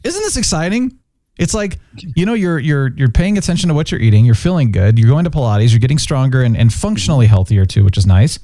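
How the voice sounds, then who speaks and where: A man co-hosting a podcast in casual chat, animated and jokey, quick to laugh. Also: mid-range voice, dry recording, clean studio sound. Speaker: podcast co-host.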